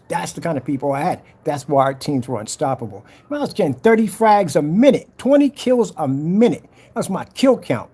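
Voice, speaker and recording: A man's voice: a little high, big pitch swings, a little fast, hardly any pauses, darkish tone, husky. A man ranting casually to camera, boastful and challenging, repeating himself and daring rivals. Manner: trash-talking, challenging, repetitive. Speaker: vlogger selling projector screen paint.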